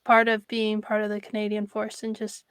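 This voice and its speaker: A woman's voice: mid-range voice, completely flat delivery, moderate pace, smooth, no echo. A woman hosting a casual interview podcast, summing up her guest's points in a reflective way with many "like"s. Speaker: podcast host.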